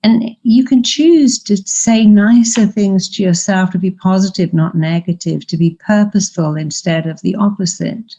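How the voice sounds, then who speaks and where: A woman's voice: medium pitch, normal speed, few pauses, dark tone, muffled recording. An older woman, a therapist, giving emphatic coaching advice in a podcast interview and acting out quoted voices. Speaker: therapist and guest speaker.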